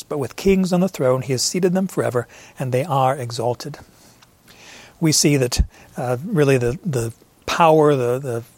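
Emphatic preacher with a husky voice. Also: male voice, medium pitch, no room sound. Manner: earnest, emphatic, repeats key phrases, frequent restarts. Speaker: pastor. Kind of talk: sermon.

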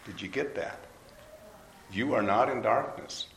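A man's voice: lowish voice, a little slow, creaky. A man preaching a sermon to a live audience in a conversational way, asking them questions. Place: hall with an audience. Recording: roomy hall, faint noise.

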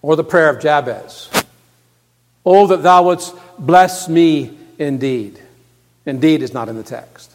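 A man preaches slowly in a slightly high voice, letting each phrase land. He drops to near whispers, then builds to loud, emphatic repetitions. A long reverb from the large church hall follows his words. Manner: swings from hushed to loud and emphatic, repeats words. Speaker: pastor. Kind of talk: sermon.

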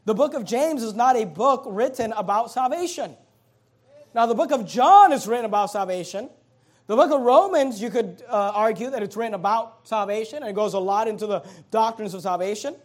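A male pastor preaching a sermon, reading scripture aloud and emphatically stretching out key words. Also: extremely high pitch.

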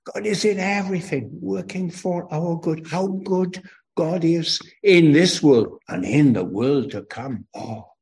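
A man's voice: on the high side, takes it slowly, vocal fry, a little mellow. An older man from Wales with a Welsh accent, preaching a children's sermon with emphatic call and response.

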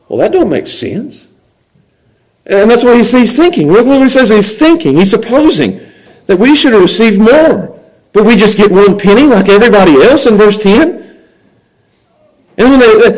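A man's voice: high-pitched, a little mellow, rough recording. A middle-aged man preaching a sermon, acting out people's complaints in grumbling voices and chuckling as he goes.

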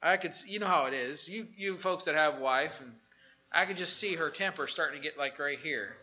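A man preaching as a pastor, animated, moving from soft asides to loud outbursts, in a dull lo-fi church recording. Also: fairly high pitch, brisk. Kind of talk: sermon.

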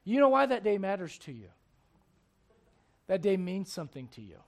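A middle-aged male pastor preaching a dynamic sermon, swinging from loud to hushed and acting out voices in little scenes. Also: high-pitched, sing-song, normal speed, creaky.

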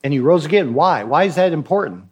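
A man's voice: a little high, expressive, fast, darkish tone, husky. Emphatic man preaching a sermon. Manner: questioning, emphatic, acts out dialogues. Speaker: pastor.

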